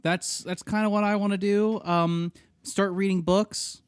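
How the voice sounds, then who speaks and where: Guy with a slightly higher voice, joking around on a podcast, dry sound. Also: steady tone, a little slow, smooth, no room sound. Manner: jokey, easygoing banter. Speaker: podcast co-host. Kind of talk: casual chat.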